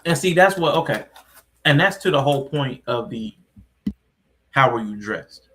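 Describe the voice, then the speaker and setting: A man's voice: mid-range voice, lively intonation, normal speed, a bit bright, slight background noise. A man co-hosting a podcast, chatting in a laid-back, joking way. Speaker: podcast co-host. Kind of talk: casual chat.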